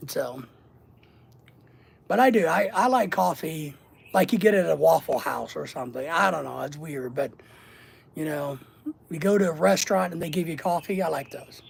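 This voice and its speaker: With a gravelly, breathy-edged voice on the high side, this middle-aged man runs a casual livestream at a moderate pace, leaving long pauses. He reads the chat and responds in a rambling, joking way, repeating words and making lists.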